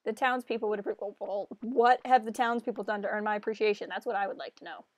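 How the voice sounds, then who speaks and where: A woman's voice: mid-range voice, steady tone, fast talker, lightly acted. A woman voicing an easily offended female alien robot farmer in a farming game, snapping back with sassy retorts. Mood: indignant.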